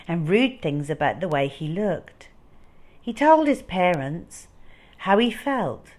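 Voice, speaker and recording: A woman reading a children's storybook aloud, expressive and unhurried. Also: sits low.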